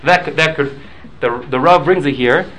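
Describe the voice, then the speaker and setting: A man's voice: fairly high pitch, moderate pace, a bit bright, slight background noise, poor audio. A man leading a casual study class, explaining points patiently, mixing in Hebrew and Aramaic study terms and checking in with listeners. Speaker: Talmud class teacher.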